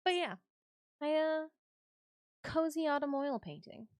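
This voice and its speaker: A woman's voice: high-pitched, lively intonation, unhurried, no echo, clean studio sound. A woman from Michigan chatting casually on a live stream, sometimes cooing baby talk at her cats.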